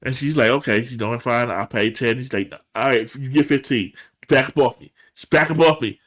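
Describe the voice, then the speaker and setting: A man's voice: medium pitch, moderate pace. A man co-hosting a podcast, casually recapping a TV episode and acting out the characters' lines in jumping voices. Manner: animated, acts out characters' lines in shifting voices. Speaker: podcast co-host.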